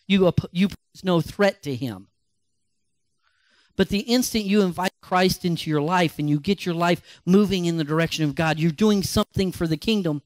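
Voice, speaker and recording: Animated high-voiced male pastor. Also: normal speed, no echo. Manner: animated, emphatic preaching. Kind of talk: sermon storytelling.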